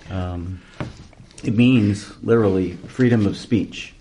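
A man's voice: on the low side, slow, warm tone. A man leading a casual group Bible study, chatty and telling stories between verses. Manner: chatty, storytelling, laughs easily. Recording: noisy amateur room recording.

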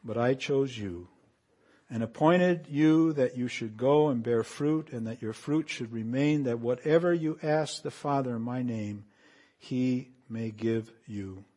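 Speaking in a mid-range voice at a slightly slow pace, a man delivers a sermon as a pastor, reading from scripture and alternating between quiet lines and loud, forceful stretches.

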